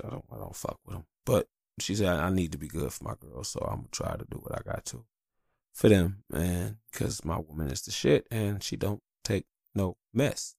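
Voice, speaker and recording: Low-voiced man in a profane, rambling rant. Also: vocal fry, no echo, studio quality. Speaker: podcast host. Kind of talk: casual solo podcast rant.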